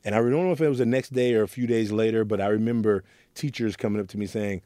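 A man's voice: mid-range voice, expressive, quick pace, warm tone, no echo, clean studio sound. A man from Oakland who leads a youth program, earnestly telling stories from his past and acting out what people said. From Oakland, California. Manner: earnest, storytelling, acts out quotes. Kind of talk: reflective interview talk.

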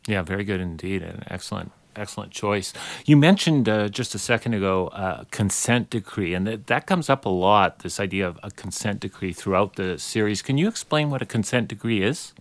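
Low-voiced male interviewer, dry sound. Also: lively intonation, brisk, few pauses, no echo. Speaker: interview host. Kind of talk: interview questions.

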